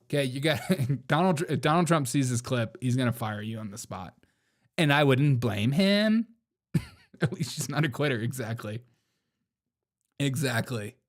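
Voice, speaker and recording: A man's voice: medium pitch, normal speed. A man hosting a commentary show, mocking clips with sarcastic remarks and frequent laughter. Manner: sarcastic, laughs often, teasing. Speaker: show host.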